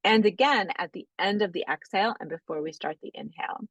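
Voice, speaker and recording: A woman teaching breathwork, guiding slow breathing exercises in a gentle, unhurried way, often checking in with "right?". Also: mid-range voice, no echo, lo-fi sound. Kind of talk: guided breathing instruction.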